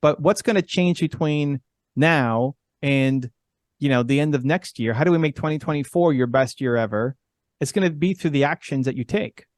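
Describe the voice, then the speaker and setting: Motivational guest speaker, man, slightly high voice, earnest, dry close sound. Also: moderate pace, dry recording. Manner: earnest, encouraging, repeats for emphasis. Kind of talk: motivational talk.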